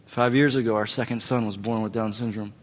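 A man's voice: lowish voice, brisk. Guy preaching a sermon, telling a story and acting out the voices, big echoey hall. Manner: storytelling, acting out dialogue with lively swings from loud to quiet. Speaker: pastor. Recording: long reverb of a large hall.

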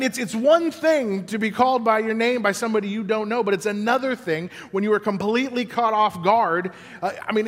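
A man preaching a sermon as pastor, telling the story with animated, acted-out scenes. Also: sits high, in a large hall. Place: church building.

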